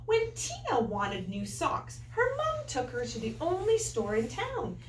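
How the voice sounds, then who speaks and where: A woman teacher reading a picture book aloud to children, an animated storyteller with playful asides. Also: sits high, unhurried, slight background noise. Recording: echoey room, far from mic.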